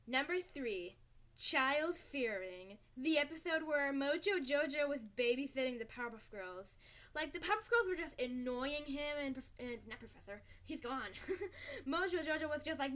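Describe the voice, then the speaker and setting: Woman, high pitch, bright tone, casual fan chat, excitable, squeaky quote voices. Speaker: fan channel host. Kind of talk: casual episode ranking chat.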